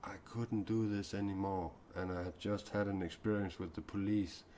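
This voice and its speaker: A low, mellow male voice with a steady tone belongs to a self-described mystic speaking off the cuff during a live stream. Sincere and confessional, he often stops and restarts his sentences, and there's slight background noise.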